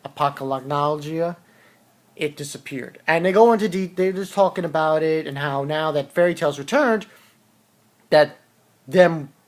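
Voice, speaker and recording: A man recaps a manga chapter in a loose, unscripted way, his nose audibly stuffy. He wanders through the plot, trips over his words and starts sentences again and again. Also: on the high side. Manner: rambling, hesitant, with frequent restarts and fillers. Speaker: manga reviewer. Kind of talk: casual chapter review.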